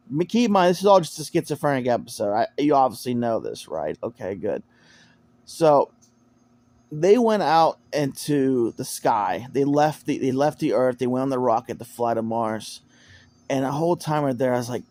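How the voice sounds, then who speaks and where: A man's voice: medium pitch, moderate pace, a little mellow, no room sound. A man telling a personal story in a casual, rambling way, often repeating words and restarting sentences. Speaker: storyteller recounting personal experience. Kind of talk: casual spoken monologue.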